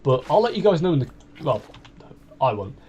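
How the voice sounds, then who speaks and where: A man's voice: a little high, very animated, brisk, a little mellow, lo-fi sound, a little hiss or hum. A young man with a West Midlands accent talking in a casual, confessional monologue, rambling and hesitant, often restarting his sentences. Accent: West Midlands English. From Wolverhampton, England. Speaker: YouTuber.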